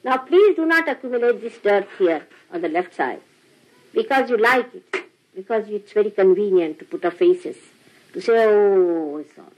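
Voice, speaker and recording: Animated older woman, husky voice. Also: mid-range voice, normal speed. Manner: animated, laughing, acts out little dialogues. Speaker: spiritual teacher. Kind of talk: informal spiritual talk to followers. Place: small room with a gathering. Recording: dull lo-fi archival tape.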